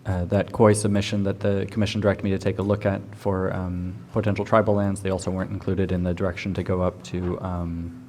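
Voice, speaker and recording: Low, flat, mellow man explaining a map. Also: a little fast, few pauses, slight background noise. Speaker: map line drawer.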